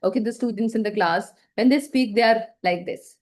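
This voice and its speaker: A woman with a somewhat high voice gives an online class lecture over a video call. She explains step by step, checks in often with questions to her listeners, and acts out bad examples to show what not to do. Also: normal speed, darkish tone. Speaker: teacher.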